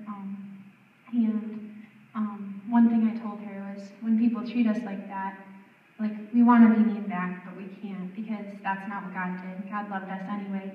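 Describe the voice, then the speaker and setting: A young woman giving an earnest personal testimony at a campus gathering, full of "um" and "like". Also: mid-range voice. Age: young adult. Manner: earnest, many fillers like "um" and "like". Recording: roomy hall, distant mic, dull sound.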